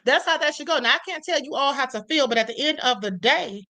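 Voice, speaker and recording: A woman's voice: high voice, animated, quick pace, pushed and bright. A young woman hosting a live stream, reading viewer comments and speaking emphatically about justice. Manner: emphatic, preachy, reads comments aloud.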